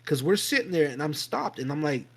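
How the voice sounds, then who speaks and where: A man co-hosting a podcast, telling a spooky story in a casual, animated way, swearing freely and acting out voices and sounds. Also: on the high side, brisk, rough recording. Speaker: podcast co-host.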